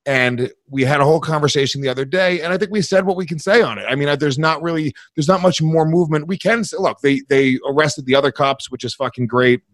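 A man's voice: a little high, fast, hardly any pauses, dry recording. A man co-hosting a podcast as a comedian, speaking bluntly in casual chat, swearing and laughing easily.

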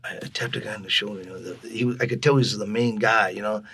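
This Texan musician, a guest in a storytelling interview, animatedly voices the characters in his tale. He has a lowish, husky voice and keeps up a quick pace.

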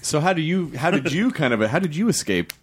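A man's voice: on the high side, very animated, fast talker, breathy edge. A man hosting a casual interview, asking questions and joking along, swearing freely. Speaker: podcast host.

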